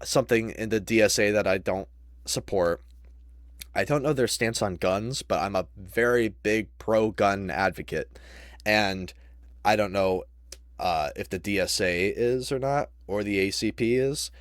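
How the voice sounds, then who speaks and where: A man talks through a casual reaction, rambling and backing up to restart his points. His voice sits low and the sound is dry and close. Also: measured pace, no echo. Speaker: reaction commentator.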